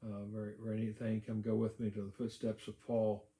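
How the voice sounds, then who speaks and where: A pastor, a man with a lowish voice, preaches a sermon in an easy, conversational way, stopping often to restart his thoughts. His voice rings out in a roomy, echoing church. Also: completely flat delivery, a little fast, dark tone. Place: church sanctuary.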